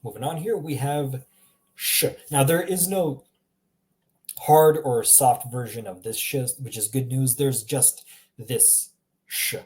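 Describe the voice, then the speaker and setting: Relaxed man teaching pronunciation. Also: mid-range voice, a little slow. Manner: relaxed, chatty, laughs often, reacts to viewer examples. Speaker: language teacher. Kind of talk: casual live language lesson.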